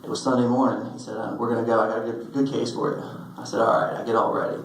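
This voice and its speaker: A young man giving a personal eulogy, telling stories with halting restarts and fillers, recorded on a phone in a funeral hall. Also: mid-range voice, little pitch movement, gravelly, a little hiss or hum. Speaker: eulogy speaker. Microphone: phone recording from the audience.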